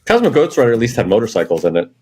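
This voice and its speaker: A man's voice: medium pitch, huge pitch swings, very fast, a little mellow, faint music behind. A man hosting a podcast, talking in a loose, joking way with plenty of fillers, recorded in a hotel room. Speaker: podcast host. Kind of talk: casual chat.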